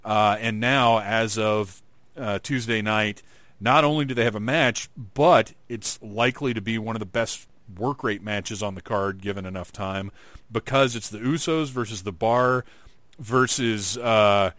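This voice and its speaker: A man's voice: on the low side, a little slow, a bit bright, no echo. A man co-hosting a casual chat, talking with enthusiasm and laughing easily. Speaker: podcast co-host.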